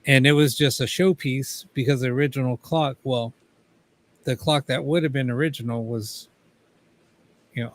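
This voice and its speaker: A man, a paranormal investigator, casually telling a story as a guest, swearing freely and acting out the dialogue. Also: medium pitch.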